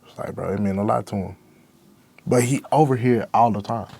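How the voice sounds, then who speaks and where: Gravelly young man, raw and emotional. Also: on the low side, brisk, a little mellow. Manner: raw, emotional, slangy with constant "bro". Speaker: rapper guest. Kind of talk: candid interview talk.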